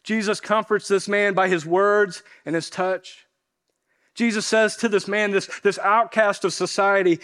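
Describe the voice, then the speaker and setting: A male pastor preaching a sermon in an earnest way, often dropping softer at the end of a point and repeating phrases for emphasis. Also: sits high, steady tone, measured pace.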